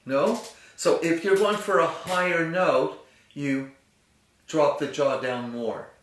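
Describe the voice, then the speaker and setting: A man's voice: fairly high pitch, slow. A man teaching a singing lesson, patiently explaining and demonstrating vowel sounds. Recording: roomy, distant mic with piano.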